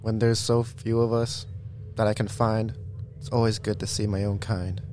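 A man playing a tabletop game, speaking in character in a calm, matter-of-fact way. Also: lowish voice, moderate pace, slight background noise. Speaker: player. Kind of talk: in-character tabletop role-play.

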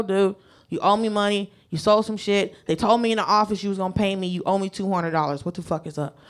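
An American woman performing stand-up tells a profane story and acts out the voices of the people in it. Her voice sits in the mid-range with a fairly bright tone.

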